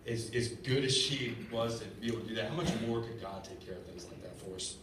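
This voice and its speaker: A man's voice: on the low side, fast talker. A man in his thirties giving a sermon as a lay preacher, earnest and conversational, often stammering and repeating words. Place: church sanctuary. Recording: echoey church room from far off, faint hiss. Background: congregation responding.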